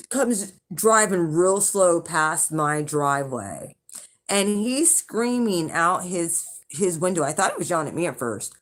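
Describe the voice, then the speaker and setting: A woman's voice: sits low, lively intonation, takes it slowly. A woman telling a casual, rambling story straight to her viewers, swearing and chuckling as she goes. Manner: chatty and rambling, with swearing and laughter. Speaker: channel host, intuitive reader.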